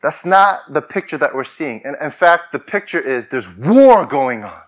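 A man's voice: fairly high pitch, sing-song, normal speed. A man preaching a sermon as pastor, talking conversationally and rising to fervent declarations.

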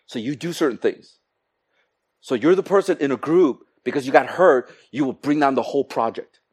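A man preaching a sermon to his congregation, animated, acting out quoted exchanges with comic voices. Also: medium pitch, normal speed, slightly rough. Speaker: pastor.

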